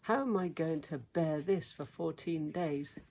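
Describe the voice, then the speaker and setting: A woman's voice: low voice, measured pace, a little mellow, slight background noise. A woman voicing a grumpy young boy who hates camping, reading him aloud in a storybook. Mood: miserable. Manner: sulky and demanding.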